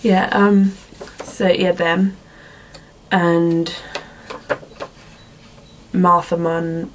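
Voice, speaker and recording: A young woman rambles through her vlog in a slightly low voice, giggling and brushing herself off. Her talk is loose and full of fillers, with a faint hiss behind it. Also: level tone, extremely slow. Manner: rambling and giggly, self-deprecating, with many fillers. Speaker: vlogger answering viewer questions. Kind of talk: casual chat.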